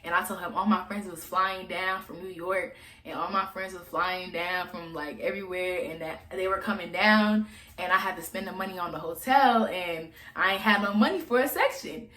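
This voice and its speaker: A woman's voice: on the low side, moderate pace, fairly bright tone. Blunt, chatty young woman in echoey room. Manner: blunt, profane, chatty storytelling. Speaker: vlogger. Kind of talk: casual storytime monologue.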